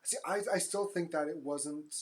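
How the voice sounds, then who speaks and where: A woman's voice: low voice, normal speed. A woman co-hosting a podcast in casual chat, blunt and casually swearing. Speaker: podcast co-host.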